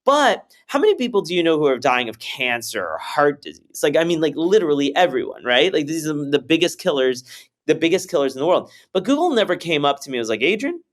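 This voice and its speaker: Founder guest, male, a fairly high voice that swings widely in pitch, casual swearing storyteller. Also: quick pace. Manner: animated storytelling, acts out quotes, swears freely. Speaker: startup founder, podcast guest. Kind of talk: casual conversational explaining.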